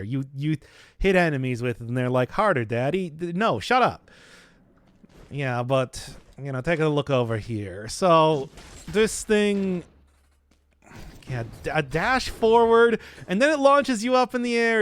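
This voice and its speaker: A slightly high male voice, recorded with no echo, belongs to a man streaming a video game. He chats casually with chat, cracking jokes, rambling, and cutting himself off to restart as he answers viewers in this relaxed gameplay commentary.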